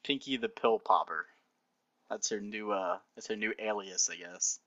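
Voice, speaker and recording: A man's voice: on the low side, normal speed, sharp tone, no room sound, highs cut off. A man reading fan fiction aloud and breaking off into sarcastic, laughing asides.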